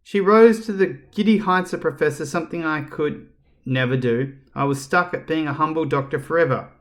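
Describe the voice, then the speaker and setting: A man's voice: on the high side, a little fast, lightly acted. A man voicing a cruel, scheming female villain doctor who purrs and hisses her words with mock politeness. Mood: bitter explaining. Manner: purring, hissing, mock-polite.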